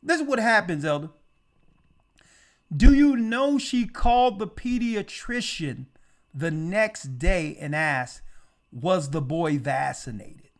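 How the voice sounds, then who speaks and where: Here a man voices a church elder telling his testimony with lively, conversational energy, doubling up words to drive points home. The pitch is high and the pace slow.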